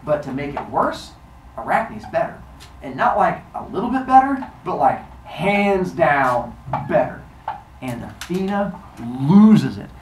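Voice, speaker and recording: A male teacher telling a myth to his class in an animated, theatrical way, recorded in a classroom. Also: fairly high pitch, slow, echoey room, recorded from a distance, a little hiss or hum, poor audio. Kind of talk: storytelling lesson.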